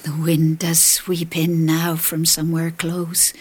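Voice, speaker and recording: A woman narrating a first-person tale in a hushed, breathy whisper with old-fashioned phrasing. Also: fairly low pitch, little pitch movement, takes it slowly, few pauses. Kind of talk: whispered storytelling.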